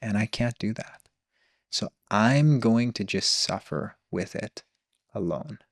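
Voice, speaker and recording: Man, earnest storytelling, gravelly low voice, dry close sound. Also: expressive, no room sound. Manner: earnest, open, slow and searching. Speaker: podcast guest, healer. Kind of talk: reflective personal storytelling.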